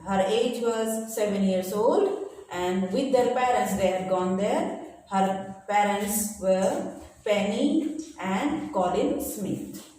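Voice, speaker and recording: A woman teacher, slowly reading a textbook chapter to pupils and explaining each word in simple terms, with pauses and fillers. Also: medium pitch, mellow, recorded from a distance. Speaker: school teacher. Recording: echoey room, voice from away from the mic, faint noise.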